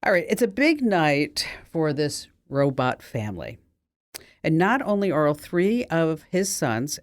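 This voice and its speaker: Woman, low voice, podcast host, playful joke-teller, casual chat. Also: lively intonation, moderate pace, darkish tone. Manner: playful joke-telling, laughs easily.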